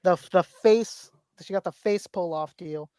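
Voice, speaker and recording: A woman's voice: on the low side, a little slow, mellow, dry recording, clean studio sound. A woman hosting a casual podcast chat and reading out viewer comments. She rambles and repeats her phrases. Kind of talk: casual toy-collector chat.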